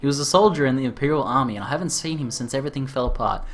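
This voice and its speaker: A man's voice: mid-range voice, very fast, close to an everyday voice. A man voicing a worried young woman who is asking for help finding her lost brother, in a subdued attempt at a female voice. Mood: worried pleading. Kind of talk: reading game dialogue aloud in voices.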